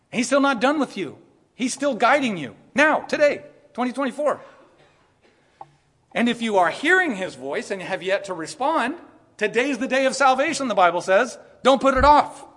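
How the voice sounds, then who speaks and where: A pastor delivering a sermon, animated and emphatic, laughing now and then as he preaches. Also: high-pitched. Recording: hall reverb.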